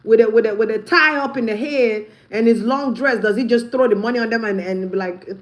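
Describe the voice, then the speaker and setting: Blunt, laughing high-voiced woman vlogger. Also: animated, a little fast, few pauses, a bit bright. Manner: blunt, laughing, profane gossip. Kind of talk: casual commentary.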